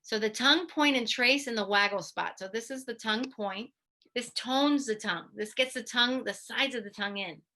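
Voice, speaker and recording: A woman physical therapist giving an instructional talk, lively and demonstrating goofy mouth sounds as she teaches. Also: on the high side, normal speed. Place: video presentation to a study club.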